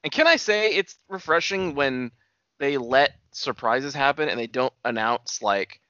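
On a casual wrestling podcast, this male co-host recaps matches, swears a lot, and addresses his friend as buddy. He speaks unhurriedly in an expressive mid-range voice that sounds pushed and bright, with no echo and a dull lo-fi recording.

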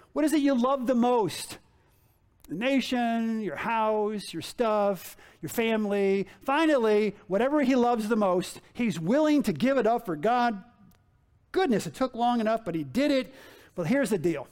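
A male pastor preaching in a loose, conversational way, with a notably high voice. He repeats his key phrases and keeps putting rhetorical questions to his listeners. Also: expressive, a little slow, a little mellow. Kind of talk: sermon.

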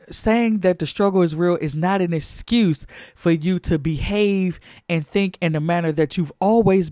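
A man's voice: on the high side, darkish tone, dry recording, studio quality. A man preaching a sermon, fervent and emphatic, repeating phrases for stress.

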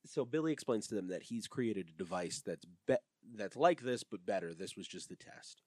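A man co-hosting a casual podcast, recapping a TV episode with jokes and quick character impressions. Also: lowish voice, no room sound, studio quality. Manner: lively, joking, mimics characters. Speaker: podcast co-host.

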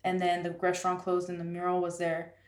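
Animated woman telling a story, roomy sound. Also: on the low side, a little fast. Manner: animated, heavy use of "like". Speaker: guest artist. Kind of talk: casual storytelling in conversation. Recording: roomy, distant from mic.

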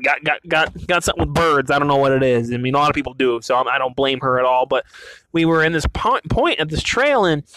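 A man's voice: on the high side, a bit bright, no room sound. A young man from the western US talking casually on his own, rambling with many restarts and fillers. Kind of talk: casual monologue.

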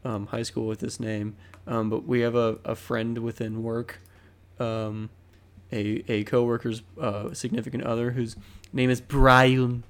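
A young man chats on a casual podcast. He jokes freely and drops into silly impression voices from time to time. His pitch sits in the middle range for a man. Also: flat delivery, unhurried, a little mellow. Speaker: podcast co-host. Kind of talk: casual chat.

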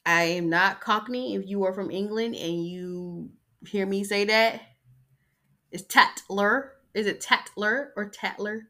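A woman's voice: mid-range voice, fairly even intonation, unhurried, bright, forceful tone. A woman hosting a podcast in a casual, sassy style, chatting and mocking as she reads an article aloud. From United States. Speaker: podcast host.

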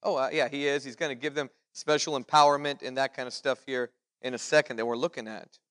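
A man's voice: medium pitch, fairly even intonation, fast, a bit bright, clear, resonant tone, in a large hall. A man leading a Bible study, teaching in a folksy, conversational way with family stories and quoted dialogue.

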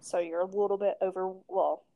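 A woman's voice: mid-range voice, flat delivery, a little fast, no room sound, phone-quality sound. A young woman from Tennessee with a Southern American accent, chatting easily and folksily as a podcast co-host. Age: young adult. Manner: easygoing, folksy, laughs readily. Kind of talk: casual chat.

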